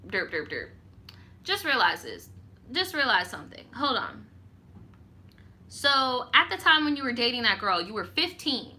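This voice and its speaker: Chatty young woman with a bright voice. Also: high voice, sing-song, moderate pace. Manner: casual, chatty, reacts aloud with slang and laughter. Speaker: storytime YouTuber. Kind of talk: live stream reading viewer stories.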